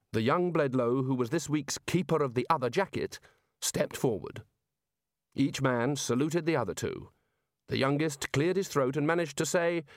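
A man narrating an audiobook in an expressive reading voice. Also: mid-range voice, moderate pace, no echo, studio quality. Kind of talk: scripted narration.

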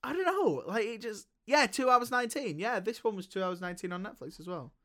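A young man talks movies in a loose, rambling way, tripping over his words and swearing freely. His voice sits a bit high and sounds bright. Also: animated, fairly quick. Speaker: podcast co-host. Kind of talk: casual film chat.

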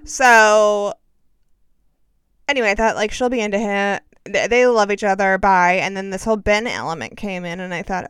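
Chatty woman with a smooth voice. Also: medium pitch, normal speed, fairly bright tone, dry recording, studio quality. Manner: chatty, sarcastic, self-deprecating. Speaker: podcast host. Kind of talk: casual chat.

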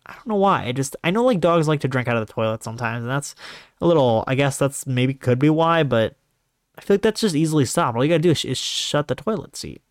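Man, rambling talk, lots of restarts and fillers, medium pitch, dry room. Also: dry recording. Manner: meandering, many fillers and restarts, animated pitch jumps. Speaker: podcast host. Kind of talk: casual rambling monologue.

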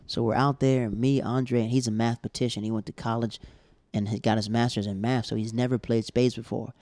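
A man's voice: medium pitch, flat delivery, fairly quick, a little mellow, no room sound. A man in his thirties, a stand-up comedian, telling a heartfelt story in a rambling way and repeating himself. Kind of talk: casual storytelling.

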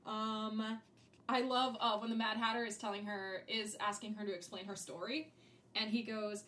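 A woman's voice: medium pitch, level tone, moderate pace, a bit bright, a little hiss or hum. A young adult woman co-hosting a podcast in casual chat, giggling often and quoting lines in playful voices. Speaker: podcast co-host.

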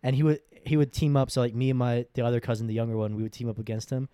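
A man's voice: mid-range voice, fairly even intonation, rapid-fire, mellow, clean tone, no room sound. A man in his twenties telling crude stories in a casual, slangy way, often laughing and swearing. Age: 20s. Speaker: podcast host.

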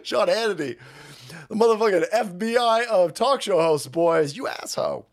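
Brief: male stream host, crude political rant, mocking, wildly swinging pitch. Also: animated, normal speed. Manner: crude, mocking, swings between high sarcastic mimicry and low grumbling. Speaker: livestream host.

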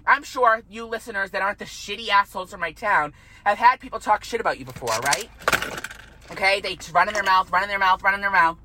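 A woman's voice: mid-range voice, quick pace, pushed and bright, a little hiss or hum, low-quality recording. A woman in her twenties delivering a heated, profane rant to camera, repeating herself and swearing freely. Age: 20s. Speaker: vlogger.

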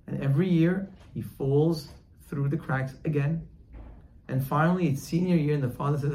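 A man's voice: a little high, normal speed, darkish tone, echoey room, rough recording. A man teaching a sermon through a parable, telling it dramatically and acting out its dialogue. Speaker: religious teacher. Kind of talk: sermon with storytelling.

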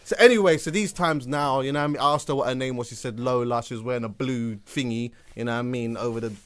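A man with a London accent, a podcast host telling animated, slang-heavy stories in a casual chat. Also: mid-range voice, quick pace, clean tone. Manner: animated storyteller, slangy, bursts into laughter.

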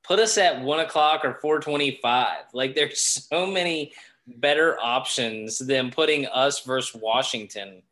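A man with a bright, forceful tone talks football on a casual podcast. He rants in irritation, and his voice keeps rising as he pushes his point. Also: mid-range voice, a little slow. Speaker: podcast co-host. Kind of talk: casual sports chat.

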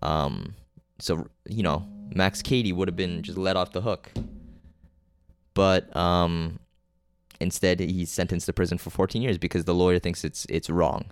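A man's voice: sits low, steady tone, unhurried, clear, resonant tone. A man hosting a casual solo podcast, rambling through a movie recap with lots of fillers, restarts and swearing, and often losing track of names. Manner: offhand and unpolished, losing names mid-sentence. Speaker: podcast host reviewing movies.

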